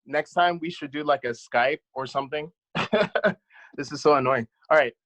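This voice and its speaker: On a video call, a dance choreographer in his thirties speaks as a panelist, giving an earnest, impassioned account straight from the heart. His voice is on the high side and a bit bright at a moderate pace, and the recording is rough.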